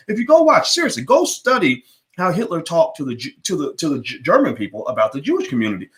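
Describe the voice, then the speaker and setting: A man's voice: fairly high pitch, huge pitch swings, quick pace, a bit bright. A man delivering an emphatic, preachy monologue to his listeners, often repeating words as he pushes his point. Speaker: political commentator. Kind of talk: opinionated monologue.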